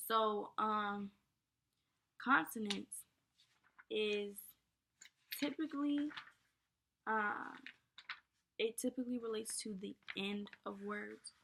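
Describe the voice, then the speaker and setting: A young woman talks through poetry terms for her viewers in a loose, chatty way, filling pauses with ums and likes. Her pitch stays fairly flat, and her voice is gravelly with vocal fry. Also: a little hiss or hum. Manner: casual, many ums and likes, addresses viewers as y'all. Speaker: teacher. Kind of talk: informal lesson.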